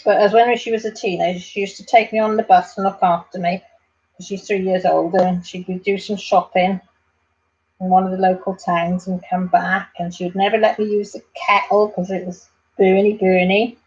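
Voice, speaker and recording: A woman's voice: mid-range voice, level tone, moderate pace, muffled recording. A Welsh woman chatting casually to viewers on a live stream at home, addressing them by name and rambling on. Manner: chatty, warm-hearted, talks to viewers by name. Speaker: vlogger.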